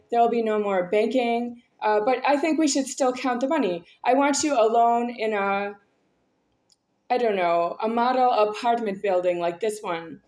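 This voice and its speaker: A woman with a fairly high voice rambles through a personal monologue, halting over fillers and restarting her sentences. Her talk is intense and aggrieved. The recording is roomy and echoey. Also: darkish tone. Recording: echoey room.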